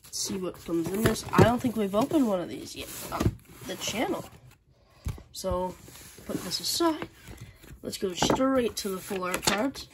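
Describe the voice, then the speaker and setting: A woman's voice: medium pitch, animated, heavy background noise. A woman hosting her channel in a casual unboxing chat at home, who has the hiccups and lists items one by one. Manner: unhurried, listing items one by one. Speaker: channel host. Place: at home, indoors. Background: faint TV sound and packaging crinkles.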